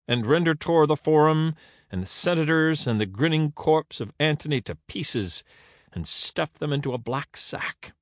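A man narrating an audiobook in an expressive, dramatic reading. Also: mid-range voice, no room sound, studio quality.

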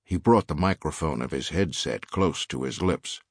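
A man narrating an audiobook in a measured, expressive reading style. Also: rumbling low, no echo, studio quality. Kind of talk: scripted narration.

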